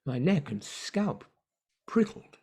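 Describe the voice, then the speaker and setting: Mellow, measured male narrator. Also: fairly high pitch, sing-song, breathy edge. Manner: measured, hushed storytelling. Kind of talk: story narration in an online play reading.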